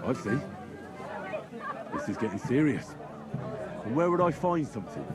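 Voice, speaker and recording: Man voicing a young guy, calm and dry, polite, pitch moves around a fair bit. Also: normal speed, loud music behind the voice, a loud crowd, lightly acted. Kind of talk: video game voice acting.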